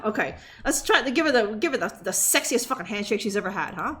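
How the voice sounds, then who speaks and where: A woman's voice: medium pitch, expressive, fast, a bit bright. Sarcastic, laughing woman streamer. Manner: laughing often, sarcastic, swearing, tag questions like "huh?". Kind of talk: live gameplay commentary.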